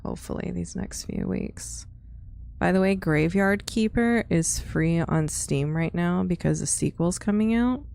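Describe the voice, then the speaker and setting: A woman's voice: lowish voice, very animated, a little slow, gravelly, darkish tone. A woman streamer chatting casually with her live chat, rambling with lots of fillers. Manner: rambling, many fillers and laughs.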